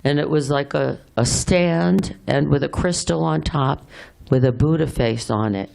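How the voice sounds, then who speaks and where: Woman, middle-aged, heavy vocal fry, halting tender eulogy, frequent pauses. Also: sits low, a little mellow, a little hiss or hum. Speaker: friend giving a eulogy. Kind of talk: heartfelt memorial speech.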